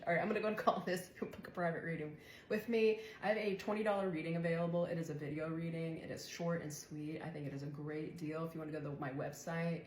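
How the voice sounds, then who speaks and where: A woman's voice: low voice, a little mellow. A young woman giving a chatty tarot reading who swears and laughs often. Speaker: tarot reader. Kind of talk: casual tarot reading monologue. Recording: echoey room, faint background noise.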